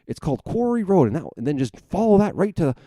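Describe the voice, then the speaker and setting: A fussy older father talking someone through the back roads, turn by turn, as a man puts him on. The voice jumps well above the speaker's usual low register and lifts at the ends of phrases, patient and insistent. The pace is steady and careful. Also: fast talker, dry recording, clean studio sound. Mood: instructing. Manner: patient, step-by-step instructing. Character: older man giving driving directions.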